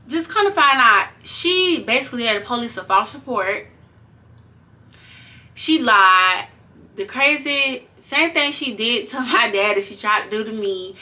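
A young woman telling a story to her viewers in a casual, animated way, swearing freely as she goes. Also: a little high. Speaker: vlogger.

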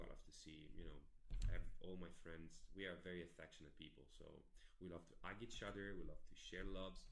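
Man, Italian accent, very low voice, roomy echo, casual earnest livestream chat, fillers and restarts. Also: vocal fry, slight background noise. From Italy. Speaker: actor. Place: indoors at home. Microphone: phone livestream.

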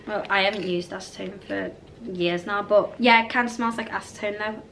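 A woman's voice: medium pitch, steady tone, a little fast, creaky, background noise. A British woman vlogging a casual haul, chatty and rambling, often drifting off topic. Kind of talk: casual haul vlog chat.

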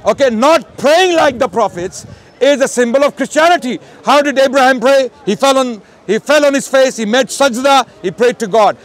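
Loud insistent man debating outdoors. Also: very high voice, normal speed. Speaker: street debater. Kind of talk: public street debate. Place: outdoors on a city street.

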